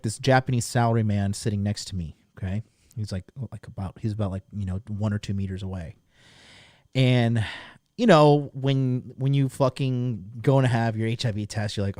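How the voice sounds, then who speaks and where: A man hosting a livestream, telling a crude story to his chat in a casual, animated way, swearing freely. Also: lowish voice, dry recording, studio quality. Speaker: livestream host. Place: lived abroad in Japan.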